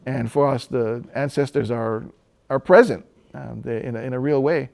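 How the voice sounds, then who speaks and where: There's a gravelly quality to this medium-pitched man from Hawaii as he casually recounts something personal. His delivery is laid-back, with many pauses and now-and-then chuckles.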